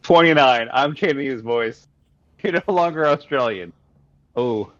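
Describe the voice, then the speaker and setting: An excitable man playing in a tabletop game, quick to laugh. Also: medium pitch, no echo, lo-fi sound. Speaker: player.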